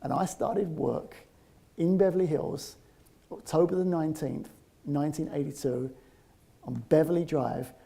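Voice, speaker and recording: Speaking at a measured pace, this interviewee from London recounts something from his own life with lively energy and frequent laughter. He is in his fifties, with a London English accent and a touch-high voice that turns gravelly and creaky.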